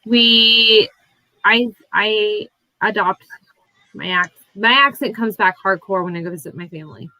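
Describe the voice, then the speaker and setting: A woman's voice: mid-range voice, a little slow, sharp tone, no echo, poor audio. A woman from Alabama making sarcastic jokes in a casual group video chat, a little tipsy. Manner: wisecracking, sarcastic asides.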